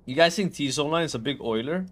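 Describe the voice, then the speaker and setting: A man's voice: a little high, expressive, quick pace. A man streaming a raid, chatting casually, swearing and saying bro all the time. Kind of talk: casual gaming chat.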